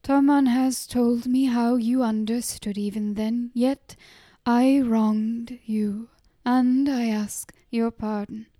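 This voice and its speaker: A woman voicing a weary grieving mother who speaks softly and pleadingly. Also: a little high, fairly even intonation, slow pace, hardly any pauses, no room sound. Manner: soft, pleading, half-whispered.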